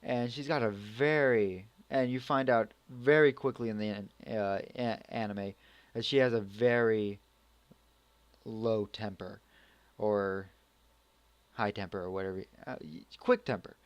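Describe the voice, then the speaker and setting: Male amateur reviewer, unhurried, loose and rambling delivery. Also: lowish voice, steady tone, no echo. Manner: rambling, full of restarts and acted reactions. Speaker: anime reviewer. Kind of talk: casual spoken review.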